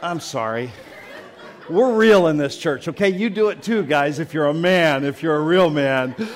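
A man's voice: fairly high pitch, animated, moderate pace. A middle-aged man preaching a sermon as pastor, chatty and joking, with frequent laughs.

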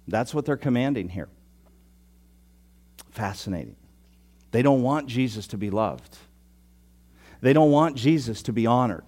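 A pastor preaches a sermon, teasing his listeners and telling the story with lively, sudden loud outbursts. His mid-range voice moves at a measured pace with frequent pauses.

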